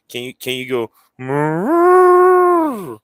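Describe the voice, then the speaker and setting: A man's voice: medium pitch, a little slow, a bit bright, dry recording. A man hosting a casual livestream, rambling to his viewers and cooing at his pets. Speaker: livestream host.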